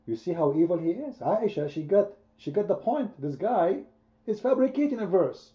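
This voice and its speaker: A man's voice: high voice, lively intonation, moderate pace, highs cut off. A man hosting a heated online debate, speaking emphatically, repeating his points and quizzing his listeners. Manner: emphatic, repetitive, quizzing the audience. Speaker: debate host.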